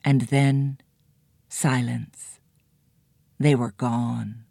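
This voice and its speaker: A woman narrating a children's story in a measured, expressive reading. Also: a bass voice, vocal fry, no echo, studio quality.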